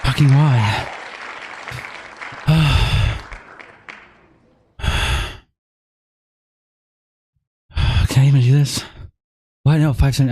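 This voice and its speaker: A man's voice: medium pitch, very slow, long pauses, darkish tone, slightly rough, a faint crowd. A man live-streaming in casual talk, exhausted and struggling to speak, exasperated, with heavy sighs and swearing.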